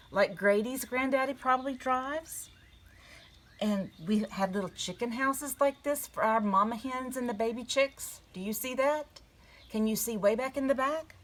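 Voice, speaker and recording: A woman giving a gentle storytelling lesson to young children at a table. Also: a little high, a little hiss or hum. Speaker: children's church teacher. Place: indoors at a table.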